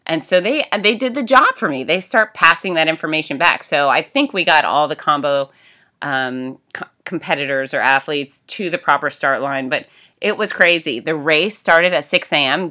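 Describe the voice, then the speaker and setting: A middle-aged woman telling a story in a casual, animated way, with laughs and exclamations. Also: deep voice, normal speed. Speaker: race announcer and fitness host.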